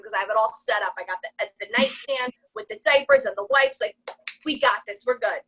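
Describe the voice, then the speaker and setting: A young woman, a new mom, guest on a casual podcast, telling stories in an animated way with lots of fillers and laughter. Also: a little high, brisk, breathy edge, low-quality recording. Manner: animated storytelling, many "like" fillers, laughs often.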